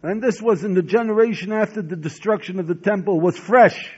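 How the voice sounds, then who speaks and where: High-voiced man preaching, dull recording. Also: a little fast, breathy edge. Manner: dramatic storytelling with rhetorical questions. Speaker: rabbi teaching a Talmud lesson. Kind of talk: sermon.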